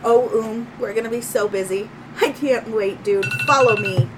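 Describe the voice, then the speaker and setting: A woman player in a tabletop game, talking in character, enthusiastic and expressive. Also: a little high, moderate pace. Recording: noisy, distant mic.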